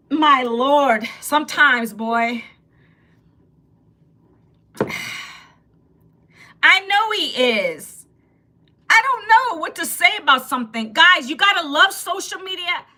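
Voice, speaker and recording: A woman in her fifties chats on a live stream in a high, bright, sharp voice. She talks straight to her viewers and reacts to their comments, often laughing as she goes. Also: big pitch swings, takes it slowly, pauses often. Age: 50s. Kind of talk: casual live-stream chat.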